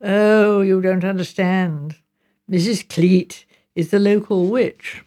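A woman reading the part of a calm country doctor who explains things in a patient, measured way in an audiobook. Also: mid-range voice, natural voice. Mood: grave, explaining. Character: kindly country doctor, man, calm and thoughtful.

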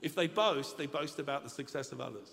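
A slightly high, creaky, somewhat bright voice belongs to a middle-aged man preaching a little fast. He tells funny stories and jokes, chatting directly with his congregation in a large church, where the reverberant hall adds faint room ambience.

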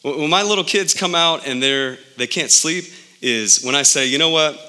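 A man in his thirties preaching a sermon as pastor, animated, with his pitch jumping up for emphasis. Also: normal speed.

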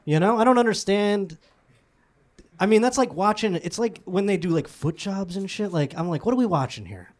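A young comedian trades crude, deadpan stories in loose stage banter. His voice sits a bit high for a man and stays conversational. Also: normal speed. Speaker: comedian co-host.

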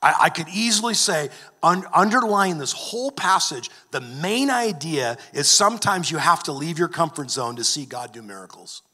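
A man's voice: on the high side, lively intonation, normal speed, bright, forceful tone, breathy edge. A man preaching a sermon, earnest, often restarting and repeating words. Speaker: pastor. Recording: long hall reverb.

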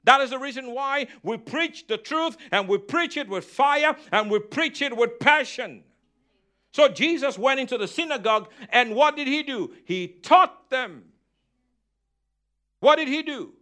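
A man's voice: extremely high pitch, lively intonation, a little slow, bright, forceful tone. A man preaching a sermon as pastor, asking the congregation questions and repeating key phrases.

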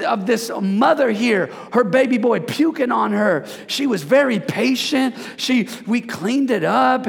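Raspy high-voiced preaching man in a hall. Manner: animated, preachy, jokes with congregation. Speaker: pastor. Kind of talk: sermon. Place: church sanctuary. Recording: hall reverb.

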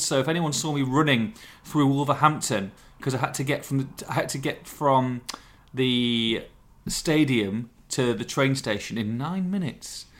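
A man's voice: mid-range voice, fairly bright tone. A man, hosting a podcast and telling rambling, self-deprecating stories in casual chat. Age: 40s. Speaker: podcast host.

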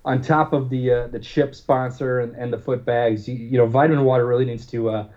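A man's voice: mid-range voice, fairly even intonation, a little mellow, dull audio. Rambling man on a podcast. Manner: rambling, halting, full of fillers. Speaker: podcast co-host. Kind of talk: casual podcast banter.

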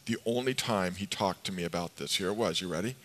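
A man's voice: low-pitched, fast, noisy background. A middle-aged male pastor preaching a sermon to his congregation, telling stories with humor and asking the people questions. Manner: conversational storytelling with humor, asks the congregation questions. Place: church sanctuary with congregation. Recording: long hall reverb.

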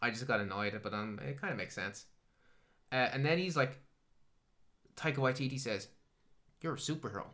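A man's voice: medium pitch, lively intonation, moderate pace, long pauses, a bit bright. A man co-hosting a podcast, reviewing a film in casual chat, swearing freely as he rants. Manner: swears a lot, ranting and exasperated. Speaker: podcast co-host.

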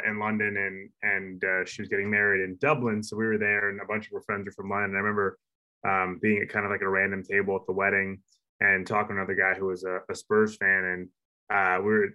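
A New York man with a lowish, sharp voice co-hosts a podcast, chatting casually and rambling along with lots of fillers and restarts. The recording quality is rough.

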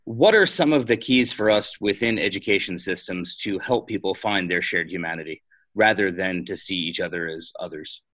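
A man with a very low voice hosts a podcast interview. He frames his questions in a measured, thoughtful way. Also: a bit bright. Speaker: podcast host.

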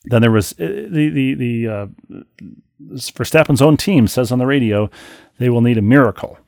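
Man, podcast co-host: gravelly voice, dry close sound, reads mail then tells stories wryly with many restarts. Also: medium pitch, normal speed, no room sound. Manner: wry, animated storytelling with frequent restarts. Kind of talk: casual podcast chat, reading listener mail aloud.

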